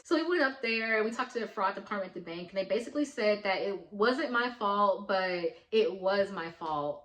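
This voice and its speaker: A young woman tells a storytime for her vlog, chatty and animated, dropping slang and the odd curse. Her voice sits at a middling pitch. It rings a little in an echoey room. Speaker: vlogger.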